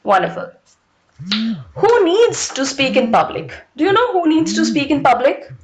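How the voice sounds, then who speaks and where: A woman's voice: high voice, very animated, normal speed. A woman leading an online public speaking workshop, emphatic and repetitive, asking the audience rhetorical questions over a video call.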